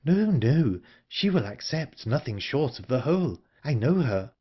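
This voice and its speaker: A man's voice: medium pitch, very animated, unhurried, husky, muffled recording, pitched above the performer's own voice. A man voicing an earnest, anxious young woman in an audiobook, urgent and pleading. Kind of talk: audiobook character reading.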